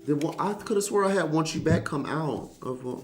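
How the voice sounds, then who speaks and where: A man's voice: a little high, a little fast, faint music behind. A man giving a casual tarot reading, talking straight to the viewer in a sassy, blunt and profane way. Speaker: tarot reader.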